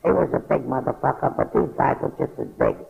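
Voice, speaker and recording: Gravelly older man telling a street story. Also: mid-range voice, expressive, a little fast, soft background music. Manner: blunt, profane, matter-of-fact storytelling. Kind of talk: casual spoken memoir. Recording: phone-like narrow band.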